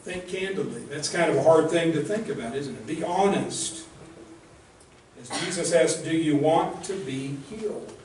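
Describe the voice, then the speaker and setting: A male minister preaches a sermon at a moderate pace in a slightly high, darkish voice, earnest and direct, frequently posing rhetorical questions to the congregation. Recorded from a distance in an echoey church sanctuary, with a little hiss or hum.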